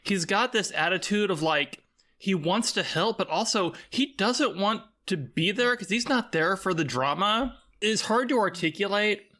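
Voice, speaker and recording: A woman's voice: medium pitch, expressive, normal speed, fairly bright tone. A woman guest on a podcast in casual chat, enthusiastic and bawdy, joking freely.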